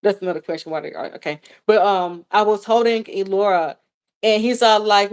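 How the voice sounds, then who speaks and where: A woman's voice: mid-range voice, brisk, clean tone. Candid chatty woman vlogger. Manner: candid and chatty, with frequent fillers and swearing; rambling, repeats herself. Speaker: vlogger answering viewer questions. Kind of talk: casual live Q&A chat.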